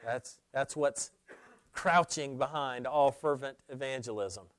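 A man preaching a sermon, swinging between loud, emphatic declarations and hushed, low asides. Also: slow pace, a little hiss or hum. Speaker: pastor.

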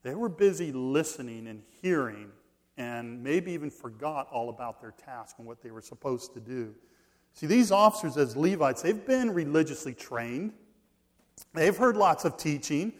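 Emphatic preacher with a higher voice. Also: male voice, lively intonation, normal speed. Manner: emphatic, repeats key phrases, swings between loud stresses and quiet drops. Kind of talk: expository sermon.

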